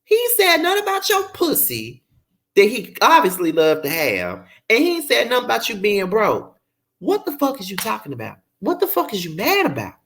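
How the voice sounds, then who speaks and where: A man's voice: high-pitched, wildly swooping pitch, normal speed, a bit bright. A man casually reviewing a reality show, exasperated and profane, often incredulous. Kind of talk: casual commentary vlog.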